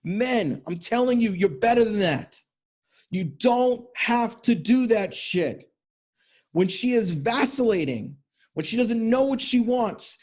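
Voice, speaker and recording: In a high-pitched, slightly mellow voice, this men's coach delivers a motivational monologue on his podcast. He's blunt and emphatic, with plenty of swearing.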